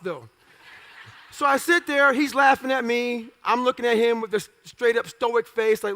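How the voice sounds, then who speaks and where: A man's voice: very high-pitched, moderate pace, pushed and bright, a faint crowd, a little hiss or hum. A man telling his story in a blunt, profane, punchy way as an interview guest before a live audience. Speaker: guest speaker.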